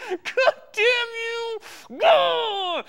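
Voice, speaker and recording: A shrill, foul-mouthed woman director forever ranting at her crew, with a man doing the voice. The voice sits very high and cutting, leaping all over the place. Each curse is stretched out slowly. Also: vocal fry, sharp tone, heavily acted. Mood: furious ranting. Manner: cursing, ranting, shrieking. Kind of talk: comedic impression. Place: TV studio.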